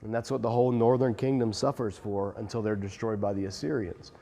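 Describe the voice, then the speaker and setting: Animated male Bible teacher in a reverberant room. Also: fairly low pitch, fairly quick. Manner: animated and emphatic, with self-deprecating asides.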